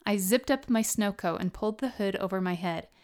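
A woman's voice: mid-range voice, brisk, a little mellow. A woman podcast host narrating her own memoir chapter in an earnest storytelling way, then signing off.

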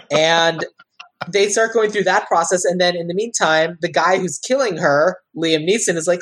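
A woman's voice: on the low side, normal speed, slightly rough. A woman co-hosting a podcast, chatting loosely about a movie with lots of "like" and restarts. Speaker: podcast co-host. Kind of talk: casual chat about a movie.

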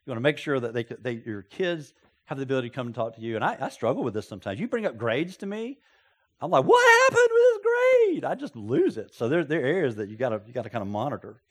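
A man preaching a sermon, telling stories with folksy asides and sudden loud exclamations. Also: mid-range voice, animated, fast talker, breathy edge. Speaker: pastor.

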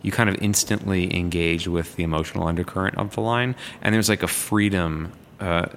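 A man's voice: low-pitched, fairly even intonation, fairly quick, fairly bright tone, a little hiss or hum. A man in casual conversation about acting exercises and improv, speaking reflectively and fluently. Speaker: improv performer.

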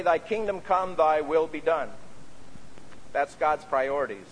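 A man preaching a sermon as a pastor, speaking earnestly and often adding "you see" as he makes his points. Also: high voice. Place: church sanctuary. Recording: reverberant church sanctuary.

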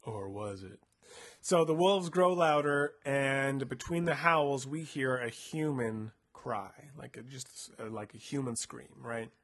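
A husky-voiced man reads a choose-your-own-adventure book aloud in a relaxed, playful way. He peppers the story with filler words and chats with his co-host between passages. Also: medium pitch, slow pace. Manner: laid-back, lots of "like" fillers, playful. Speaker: co-host reading a gamebook.

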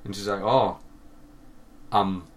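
A man's voice: lowish voice, fairly even intonation, slow. Guy podcast host rambling thru a cringe story, swears a lot, a bit far from the mic. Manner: sweary, laughing, drops voice for quoted lines. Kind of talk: casual storytelling chat.

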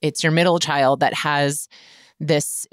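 A woman hosting a show as a scoliosis care provider, talking through an advice monologue in a relaxed, conversational way with many filler words. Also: deep voice, slow pace, no echo, studio quality.

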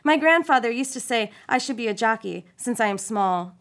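A woman reading a first-person short story aloud, with an expressive, playful delivery and wry asides. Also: fairly high pitch, normal speed. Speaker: story reader.

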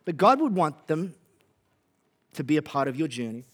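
A man's voice: a little high, sing-song, moderate pace. A man with an Australian accent preaching a sermon in a conversational, punchy way with wry humor. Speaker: pastor.

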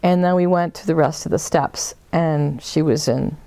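Warm, gravelly woman leading a workshop. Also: low voice, moderate pace, no echo. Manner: gentle and meandering, with soft laughs. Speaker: forgiveness workshop leader. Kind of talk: guiding a group session.

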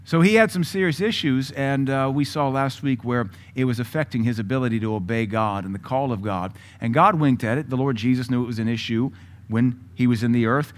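Blunt, combative male preacher. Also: mid-range voice. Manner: blunt, combative preaching with sudden loud bursts and asides; mocking mimicry of other voices. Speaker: pastor. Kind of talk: sermon.

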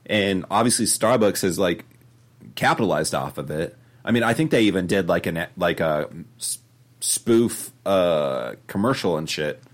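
A man's voice: sits low, lively intonation, unhurried. A young man co-hosting a podcast in casual chat, rambling with many fillers and calling people dude. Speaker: podcast co-host.

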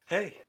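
A man hosting a podcast in casual chat, teasing his co-hosts and laughing often. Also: pushed and bright. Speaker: podcast host.

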